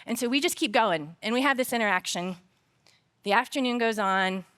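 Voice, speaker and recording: A woman's voice: a little high, normal speed. A woman speaking at a conference, giving a faith-based talk on work, telling personal stories with humor before turning earnest and reflective. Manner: storytelling, lively personal anecdotes told with humor; earnest and reflective when drawing the lesson. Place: conference stage.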